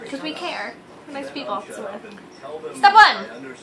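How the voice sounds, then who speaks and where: Young female vlog co-host, high bright voice, giggly and quick-witted. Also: big pitch swings. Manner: giggly, quick quips, acts out little quoted scenes. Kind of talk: casual joking chat.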